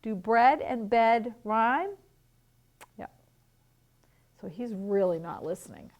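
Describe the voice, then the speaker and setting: Slow, gentle woman teacher reading aloud. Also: on the high side, lively intonation. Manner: gentle, questioning, explains words. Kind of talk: reading a picture book to young children. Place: home.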